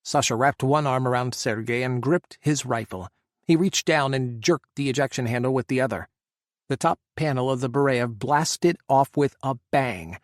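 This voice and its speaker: In a scripted audiobook reading, a man narrates at mid pitch with a calm, even pace. The audio is close-miked and dry, with no room sound.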